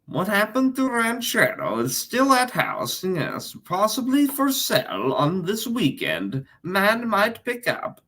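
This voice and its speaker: Brief: a man impersonating a cocky foreign reporter, broken English, raised pitch, lively delivery. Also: slow pace, few pauses, exaggerated voice. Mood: goofy. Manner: broken English, repeats "very nice".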